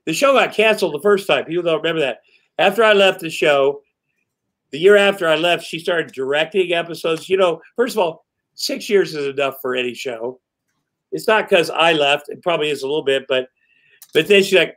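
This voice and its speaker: A man's voice: a little high, a little fast. A middle-aged man telling stories as a podcast guest, rambling and profane, acting out what people said. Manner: rambling, profane, animated retelling with quoted voices. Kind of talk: casual storytelling interview.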